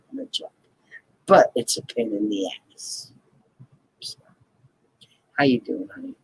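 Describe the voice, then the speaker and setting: Man, live-stream host, casual chat, playful, slow-spoken, lively pitch. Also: slightly rough, no room sound, poor audio. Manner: chatty, playful, laughs often, greets viewers by name. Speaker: channel host chatting with live viewers.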